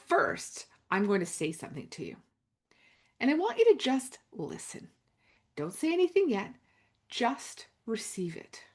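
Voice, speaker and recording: A woman coaching listeners through spoken affirmations, slow and intimate, with dramatic pauses and drops to a near whisper. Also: a little high, breathy edge. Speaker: self-help coach. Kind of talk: guided affirmation talk.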